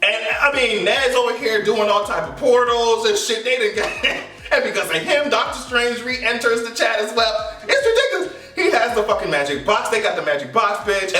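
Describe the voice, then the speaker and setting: A man recapping a movie in a casual, animated way, swearing, joking and laughing as he goes. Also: very high voice, far from the mic. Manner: animated, profane and playful, laughing often. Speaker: movie reaction vlogger. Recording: echoey room, voice a bit off-mic, faint music.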